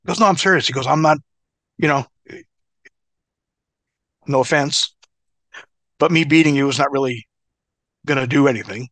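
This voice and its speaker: In a casual interview, an ex-pro wrestler in middle age recounts stories, cursing freely and laughing along with animation. He has a medium pitch and a moderate pace with frequent pauses, and there's no echo.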